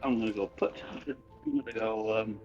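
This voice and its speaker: A man's voice: on the low side, steady tone, moderate pace, darkish tone, lo-fi sound, soft background music. A man chatting at a game table, hesitant and playful, giggling between thoughts. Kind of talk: casual table chat.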